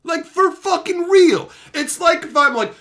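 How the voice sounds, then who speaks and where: A man from Canada hosting a livestream, ranting at viewers with heavy swearing, sarcasm and shouted outbursts. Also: very high voice, expressive, measured pace. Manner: mocking, sarcastic. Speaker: livestream host.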